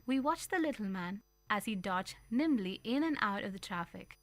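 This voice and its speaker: A woman reading a storybook aloud on community radio, telling it in an expressive, lively way. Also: medium pitch, normal speed, hardly any pauses, no room sound. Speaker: story reader.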